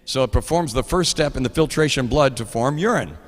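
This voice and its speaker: A man's voice: medium pitch, expressive, fairly quick, long reverb tail. A middle-aged man with an Oklahoma accent, hosting a live show in casual chat, laughing often as he reads out trivia.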